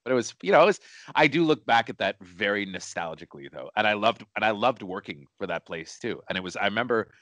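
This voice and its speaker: A man's voice: fairly low pitch, animated, quick pace, fairly bright tone, no room sound. A man co-hosting a casual chat, telling a story in a rambling way, repeating words and restarting his sentences. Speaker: co-host. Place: studio.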